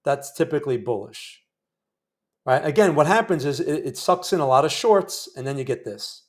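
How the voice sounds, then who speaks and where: A man's voice: a little high, lively intonation, moderate pace. Chatty, wry man narrating live trades. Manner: chatty, wry, talks to viewers while trading. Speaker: day trading livestream host. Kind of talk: live trading commentary.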